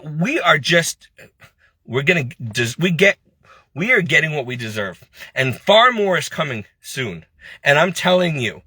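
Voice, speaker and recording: A man's voice: on the high side, sharp tone, no room sound. A man venting in a heated, preachy monologue, scolding and then complaining with frustration. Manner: frustrated, self-pitying. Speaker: lay preacher.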